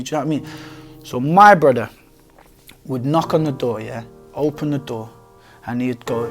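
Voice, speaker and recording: A young man tells his story in casual street talk, peppered with slang, curses and "you know what I'm saying". His voice sits at an ordinary middle pitch. Faint music plays quietly under him. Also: moderate pace. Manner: informal street slang, frequent swearing and fillers. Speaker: documentary subject telling his life story. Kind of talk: candid storytelling to camera.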